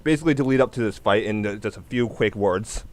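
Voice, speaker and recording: A man on a casual panel, explaining his pick with a steady plot recap. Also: on the low side, fast.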